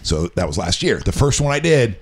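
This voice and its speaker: A man's voice: fairly low pitch, very animated, brisk, breathy edge. Easygoing man swapping DJ stories. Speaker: co-host and wedding DJ. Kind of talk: casual chat.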